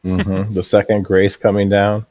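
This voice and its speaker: A man co-commentating a card game match in a relaxed, casual way, explaining the plays. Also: lowish voice, a little slow, no room sound.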